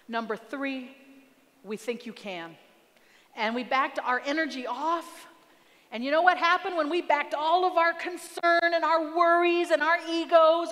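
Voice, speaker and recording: A woman in her forties giving a storytelling talk as a guest speaker, animated and acting out family dialogue. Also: high voice. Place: large hall. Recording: reverberant hall.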